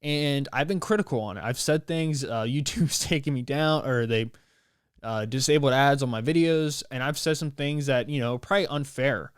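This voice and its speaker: A young man, hosting his podcast and talking in a rambling, animated, slangy way. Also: medium pitch, normal speed, smooth, dry recording, studio quality. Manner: rambling, animated, slangy, with playful put-on voices. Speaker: podcast host. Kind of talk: casual solo podcast monologue.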